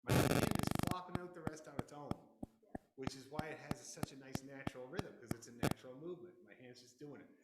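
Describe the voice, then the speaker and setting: A man leading a fiddle orchestra rehearsal, counting the players in loudly, singing rhythms aloud and joking as he teaches. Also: medium pitch, fast talker, heavy background noise. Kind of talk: rehearsal instruction. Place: rehearsal room with fiddles playing. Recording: echoey room, loud fiddles behind.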